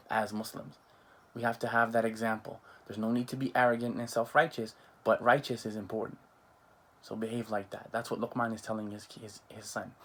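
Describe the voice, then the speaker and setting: Animated male preacher with lively asides. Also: medium pitch. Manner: animated, mimics others in asides, frequent restarts. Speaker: Islamic preacher. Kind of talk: religious talk on parenting.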